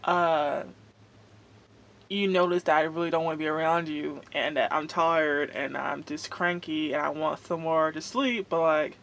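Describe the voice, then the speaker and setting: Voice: mid-range voice, steady tone, fairly bright tone. A vlogger, chatting casually while eating at home, venting in a rambling way full of fillers. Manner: rambling, drawn-out, many fillers. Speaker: mukbang vlogger.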